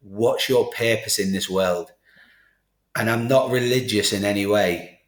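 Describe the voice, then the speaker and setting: A man's voice: fairly low pitch, moderate pace. A middle-aged man, a podcast guest, telling his life story candidly and acting out the conversations he recalls. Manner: animated, acts out quoted exchanges. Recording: roomy studio echo.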